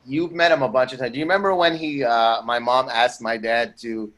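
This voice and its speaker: A man and comedian in casual podcast banter, speaking haltingly with restarts and firing back with profane comebacks. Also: mid-range voice, steady tone, a bit bright, rough recording. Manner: halting, self-doubting, quick profane comebacks. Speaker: comedian guest.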